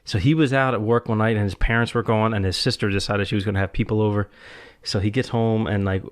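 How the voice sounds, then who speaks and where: A man's voice: lowish voice, steady tone, fast talker, clean tone. A man hosting a casual podcast chat, telling rambling stories full of "like" and laughing often. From US Northeast. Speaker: podcast host.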